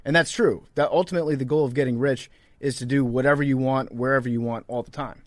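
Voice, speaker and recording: A man's voice: mid-range voice, fairly even intonation, quick pace, dry recording. Wry male podcast co-host, dry close sound. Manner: wry, storytelling banter. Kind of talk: casual sports podcast chat.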